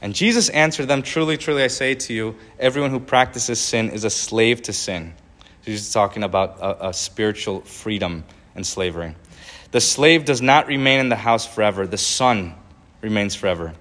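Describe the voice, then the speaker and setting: A man's voice: fairly low pitch, moderate pace, a bit bright. A man giving a sermon, reading scripture verses aloud with rising emphasis and then explaining them in a looser, conversational way. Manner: reads verses with rising emphasis, then comments with small laughs and restarts. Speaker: preacher.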